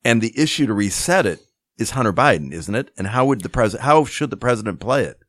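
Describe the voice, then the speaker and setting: A man co-hosting a podcast, arguing political points in halting restarts. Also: medium pitch, lively intonation, no room sound, clean studio sound. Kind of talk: casual political chat.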